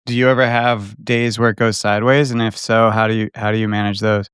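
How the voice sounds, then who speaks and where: A man's voice: on the low side, flat delivery, brisk, a bit bright, clear, resonant tone, dry recording, clean studio sound. A man hosting a podcast interview, asking short questions. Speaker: podcast host.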